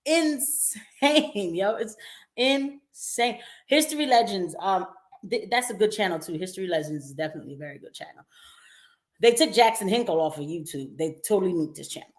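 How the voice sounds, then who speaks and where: A young woman talks through the news on a casual live stream. She is emphatic and laughs often, and her pitch swings widely as she reacts. Now and then she acts out the voices of the people she quotes. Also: animated, normal speed. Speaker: host commenting on the news.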